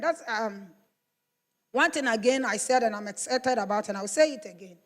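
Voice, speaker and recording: Earnest woman professor in a reverberant hall. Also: sits high. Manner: earnest, urging and repetitive. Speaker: professor addressing students. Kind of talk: public speech at a workshop. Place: large lecture hall.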